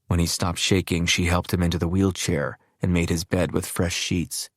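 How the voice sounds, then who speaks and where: Deep-voiced male audiobook narrator. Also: flat delivery, normal speed, few pauses, no echo, clean studio sound. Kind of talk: scripted narration.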